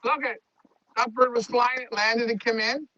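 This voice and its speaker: Guy streaming from his pigeon loft, loud and talky, sharp high voice. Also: flat delivery, normal speed. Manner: loud, talks to his birds. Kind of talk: live stream walkthrough. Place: pigeon loft, outdoors nearby. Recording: dull lo-fi stream audio.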